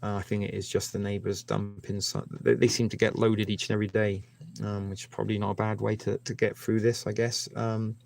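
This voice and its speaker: A man's voice: on the low side, flat delivery, a little fast, gravelly, darkish tone. A man hosting a casual live stream, rambling and chatting with viewers by name.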